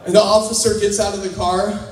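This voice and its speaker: A man speaking at a conference, telling a funny personal story to a live audience in an animated, self-mocking way, acting out the scenes. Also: high voice, fairly quick. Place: large conference hall. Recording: echoey hall, voice picked up from a distance.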